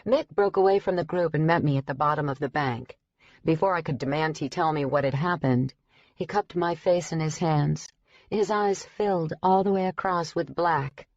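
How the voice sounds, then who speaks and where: Low-voiced woman narrating an audiobook. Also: moderate pace, darkish tone, no room sound, dull audio. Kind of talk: scripted narration.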